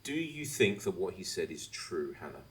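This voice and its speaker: A man hosting a podcast, chatting casually and ranting with animated asides and swearing. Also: deep voice, normal speed. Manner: animated, swearing, mimics others mid-rant. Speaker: podcast host. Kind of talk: casual chat.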